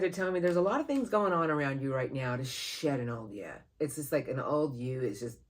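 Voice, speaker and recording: A tarot reader giving a monthly reading to camera, earnest and encouraging, who speaks aloud to spirit guides and breaks into sudden excited, louder bursts. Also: a little fast, hardly any pauses. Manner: animated, sudden jumps in pitch and loudness, laughs at the cards.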